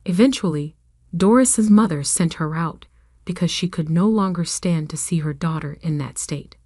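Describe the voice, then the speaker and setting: A woman with a lowish voice reads a first-person story aloud. Her delivery is even and steady. The sound is dry and close, with no room echo. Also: normal speed. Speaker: narrator.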